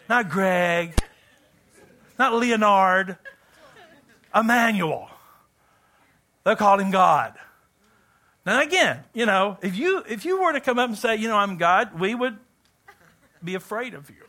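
Animated, bright-voiced male preacher. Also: sits high. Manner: animated, joking, swings between loud and hushed. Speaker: pastor. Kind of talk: sermon.

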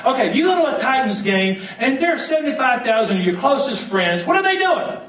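Male pastor, high voice, lively and joking, sermon with call-and-response, echoey hall, somewhat off-mic. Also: a little fast, far from the mic, a crowd in the background. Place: church hall.

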